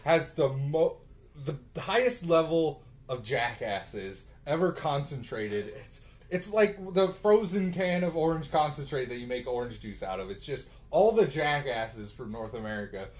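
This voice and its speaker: A man's voice: mid-range voice, animated, a little slow, darkish tone. A young man co-hosting a casual movie review chat, blunt and joking. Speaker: podcast co-host.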